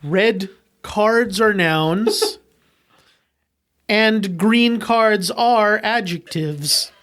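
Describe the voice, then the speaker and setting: A comedy podcast co-host announcing an improv game with slow, deliberate, mock-formal delivery. Giggles break into the explanation now and then. The pace stays notably unhurried. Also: medium pitch, a bit bright. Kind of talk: casual comedy chat.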